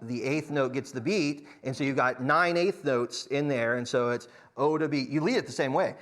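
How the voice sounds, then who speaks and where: A man's voice: mid-range voice, normal speed, fairly bright tone. A man teaching a church song leading class, counting beats aloud with frequent restarts. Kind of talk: church music class lecture.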